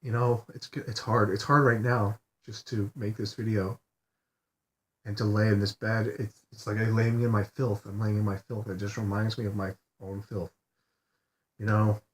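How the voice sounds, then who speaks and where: A depressed man in a personal video diary, talking quietly and haltingly from his bed, repeating himself and swearing often. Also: on the low side, level tone. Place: lying in bed.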